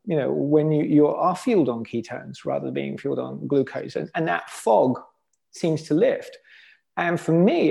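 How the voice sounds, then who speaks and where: Gravelly British-born man telling his story. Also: mid-range voice. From United Kingdom. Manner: animated, acts out quotes, frequent fillers. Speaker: podcast guest. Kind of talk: casual interview storytelling.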